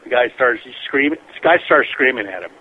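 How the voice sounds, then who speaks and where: Rambling scientist guest on lo-fi radio. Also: male voice, mid-range voice, brisk. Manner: rambling, animated anecdote-telling with frequent restarts. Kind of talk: casual radio interview. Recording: dull lo-fi radio broadcast with faint noise.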